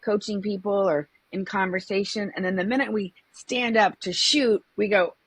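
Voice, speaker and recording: A woman's voice: mid-range voice, fairly even intonation, normal speed, breathy edge, no echo. A woman guest, a comedian and presentation coach, speaking in an upbeat, enthusiastic way in a casual interview.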